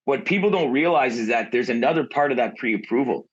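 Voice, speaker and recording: A man's voice: mid-range voice, expressive, a little fast, husky, lo-fi sound. A man co-hosting a podcast, giving blunt, outspoken advice and swearing casually. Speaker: podcast co-host, realtor.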